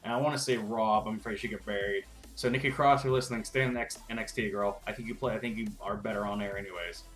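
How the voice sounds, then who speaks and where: A man's voice: lowish voice, fairly even intonation, fast, a bit bright, soft background music. A man giving a casual, profane, rambling recap rant as a wrestling vlogger, with frustrated asides.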